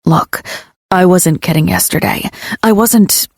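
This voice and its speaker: A woman voicing a guarded, troubled young man who speaks in a low, halting rasp. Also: dry recording, studio quality, exaggerated voice. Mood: strained. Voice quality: low rasping voice.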